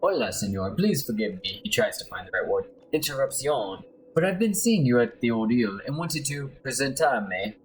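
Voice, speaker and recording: A man voicing a smooth-talking male mercenary bodyguard in a put-on Spanish accent, sly and persuasive, while playing a game. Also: medium pitch, very animated, normal speed, hardly any pauses, a little hiss or hum, natural voice, poor audio. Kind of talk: let's play voice acting.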